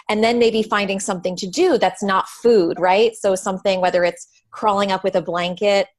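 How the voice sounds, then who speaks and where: A woman hosting an interview, giving warm affirmations and short encouraging replies, then sharing her own thoughts in a conversational way. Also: mid-range voice, steady tone, moderate pace, hardly any pauses. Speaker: interview host.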